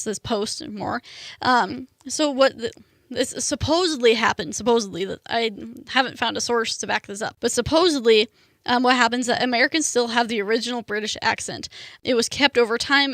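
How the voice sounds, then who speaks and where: Young woman, student radio DJ, casual chatty delivery, bright, a bit high voice. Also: no echo, clean studio sound. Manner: chatty, lots of "like" and "um". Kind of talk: casual radio show chat.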